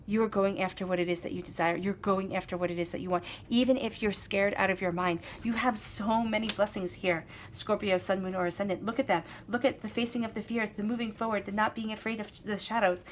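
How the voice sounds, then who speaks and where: A woman's voice: mid-range voice, fairly even intonation, fast talker. A woman giving a casual tarot reading, talking straight to the listener in an encouraging way and repeating her phrases. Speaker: tarot reader.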